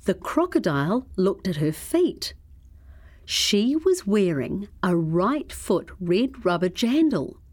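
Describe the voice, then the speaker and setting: Slow, expressive New woman storyteller. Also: mid-range voice. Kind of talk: children's story read-aloud.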